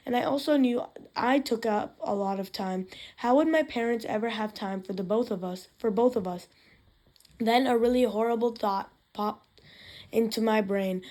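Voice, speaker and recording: Mellow-voiced woman reading a novel aloud. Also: on the high side. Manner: unpolished reading with slips and restarts. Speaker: reader.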